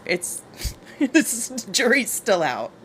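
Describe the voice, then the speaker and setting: A woman's voice: on the high side, big pitch swings, drawn-out words, a bit bright, slight background noise. A young woman hosting a casual livestream book club into a wireless mic, reading out viewer comments and gushing, often repeating her phrases. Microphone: wireless microphone.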